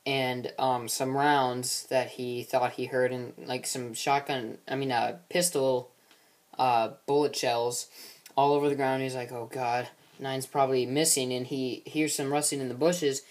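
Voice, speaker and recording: A man's voice: mid-range voice, darkish tone. A man casually recapping the plot of his own film series, rambling with many fillers and restarts.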